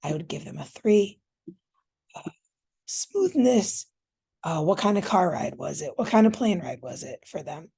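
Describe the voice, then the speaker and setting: Working on screen, a woman teacher thinks out loud while showing how to score a reading fluency test. She has a lowish, very animated voice that is gravelly, dark and slightly rough, and she keeps a moderate pace. Her manner is relaxed and chatty, and she addresses viewers as "you guys."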